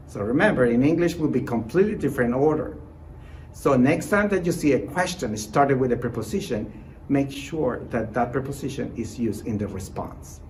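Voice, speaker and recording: A man teaching a recorded online lesson as a Spanish teacher, encouraging his students and modelling example sentences slowly and clearly. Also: medium pitch, big pitch swings, a little hiss or hum, low-quality recording. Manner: encouraging, repeats short praise and reassurance.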